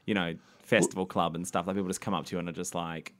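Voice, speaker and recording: A man's voice: sits low, level tone, quick pace. A man hosting a casual comedy chat at a festival, talking loosely and laughing easily. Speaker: interview host.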